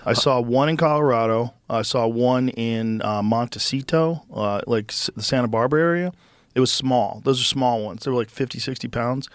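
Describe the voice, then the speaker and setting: A man's voice: mid-range voice, moderate pace, smooth, no echo, clean studio sound. A man hosting a podcast, telling blunt stories in casual chat with plenty of swearing. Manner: blunt storytelling, frequent swearing. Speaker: podcast host. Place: podcast studio.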